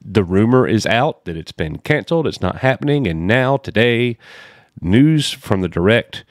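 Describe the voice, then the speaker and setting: A man with a fairly low voice reads a news article aloud, stopping often for sarcastic remarks and weary sighs. The sound is dry and close, with no room echo. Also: lively intonation, moderate pace. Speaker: commentary channel host.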